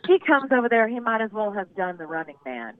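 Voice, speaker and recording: A woman's voice: medium pitch, very animated, a little fast, crowd noise. A young adult woman calling in to a show, telling a rambling story with lots of fillers over the phone. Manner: chatty, rambling with many fillers. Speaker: caller. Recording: tinny phone line.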